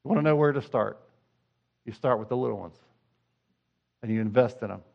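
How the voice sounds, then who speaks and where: A middle-aged man preaching a sermon as pastor, talking conversationally and moving between hushed asides and fervent appeals. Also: medium pitch, brisk, creaky, muffled recording.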